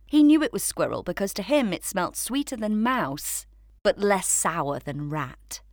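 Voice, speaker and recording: A woman narrating a children's story in a gentle, measured way. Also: medium pitch, big pitch swings, no echo, clean studio sound.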